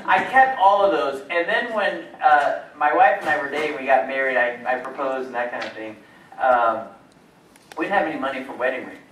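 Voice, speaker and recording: A man's voice: mid-range voice, fairly quick, fairly bright tone. Joking man speaking in a hall. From Georgia, USA. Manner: joking, self-deprecating, laughs often. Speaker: nurse and conference speaker. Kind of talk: humorous keynote talk. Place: large conference hall at a resort. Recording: echoey hall from far off.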